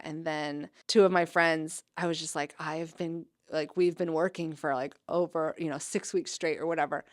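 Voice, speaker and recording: A young adult woman who works as an athletic trainer tells a story in casual podcast talk, chatty and animated, with "like" in nearly every phrase. Her fairly low voice is clean and dry, at studio quality.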